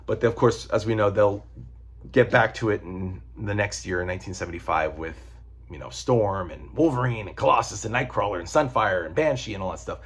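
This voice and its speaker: A man's voice: fairly low pitch, fairly quick, husky. A man reviewing comic books in a rambling, casual chat, swearing and digressing as he goes.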